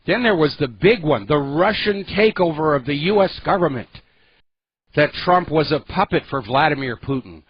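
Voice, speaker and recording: A man's voice: fairly high pitch, slightly rough, highs cut off. A man hosting a political talk radio show, delivering an opinionated, sarcastic monologue with heavy emphasis.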